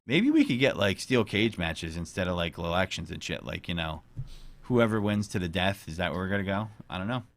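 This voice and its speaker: A man's voice: sits low, expressive, fairly quick, fairly bright tone, no room sound. A man hosting a casual podcast chat, rambling and joking with crude language. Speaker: podcast host.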